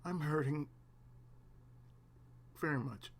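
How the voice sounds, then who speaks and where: A man hosting his own channel, alone at home, giving a raw, halting confessional monologue on the verge of tears, with pauses, restarts and the odd swear. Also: a little high. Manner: halting, repeats himself, long pauses, swears. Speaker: channel host.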